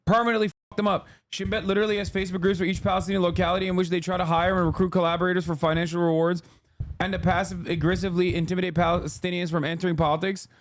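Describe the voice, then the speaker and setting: A man's voice: high voice, little pitch movement, rapid-fire. A man streaming a reaction video, talking in a heated, emphatic, profane way. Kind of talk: casual reaction commentary.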